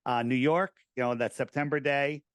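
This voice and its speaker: A middle-aged American man talking casually in an interview, animated and rambling, with many restarts. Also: medium pitch, normal speed, no room sound. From United States. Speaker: podcast host, guest.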